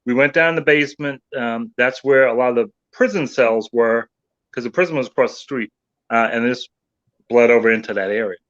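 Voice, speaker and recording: A male paranormal investigator telling animated anecdotes in casual chat. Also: mid-range voice, a little fast, muffled recording. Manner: animated anecdote teller, voices others in quotes.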